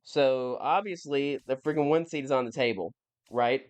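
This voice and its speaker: A man's voice: medium pitch, normal speed, clean tone. A young man giving casual, rambling commentary over a video game, often correcting himself and sounding mildly exasperated. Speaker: gaming YouTuber.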